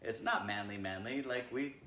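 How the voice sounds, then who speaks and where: A man's voice: medium pitch, moderate pace, sharp tone. A man co-hosting a casual wine chat, loose and joking, laughing often. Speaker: winery co-owner podcast host. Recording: echoey room.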